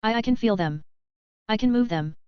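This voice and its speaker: A woman reading the lines of a guarded male professor, in an even, steady synthetic voice, with slightly dull lo-fi audio. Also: on the high side, normal speed, smooth, no room sound, natural voice.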